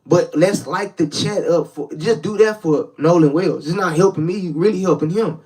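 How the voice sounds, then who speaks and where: A man's voice: sits high, moderate pace, a little mellow, far from the mic, poor audio. A young man hosting a live reaction stream as a street preacher, talking in a slangy casual way, repeating words and addressing the chat directly. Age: young adult.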